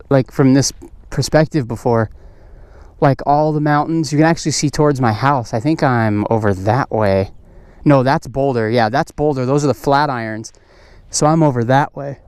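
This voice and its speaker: A young man riding a motorcycle and chatting excitedly to his viewers and to the animals he passes. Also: medium pitch, smooth, no room sound. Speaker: motovlogger. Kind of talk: casual riding commentary. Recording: loud engine and wind noise.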